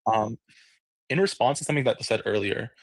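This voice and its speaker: A man's voice: mid-range voice, fairly quick, slightly rough, no echo. A man speaking on an online panel, hesitant and full of fillers and restarts. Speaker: audio room panelist. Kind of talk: casual discussion.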